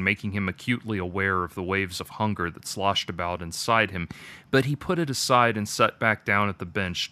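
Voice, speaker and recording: A man reading his own dark story aloud with a measured, detached delivery. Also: on the low side. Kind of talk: dramatic story narration.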